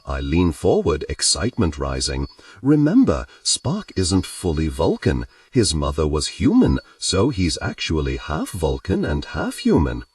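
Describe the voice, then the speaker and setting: Low-voiced man reading an audiobook. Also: unhurried, few pauses, dry recording, distant mic. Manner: lively, expressive character reading. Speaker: audiobook narrator. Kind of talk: first-person audiobook narration.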